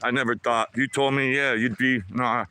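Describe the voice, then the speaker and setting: A man in his sixties streams live to viewers while walking a lakeside trail outdoors, chatting upbeat to himself as a vlogger. His mid-range voice has little pitch movement, normal speed, and a bright, forceful tone.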